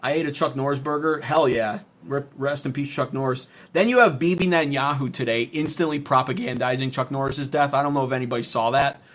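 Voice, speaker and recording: This American political commentary streamer hosts a livestream where he reads chat and rants with profanity, sarcasm, and heat. His mid-range voice is brisk and a bit bright.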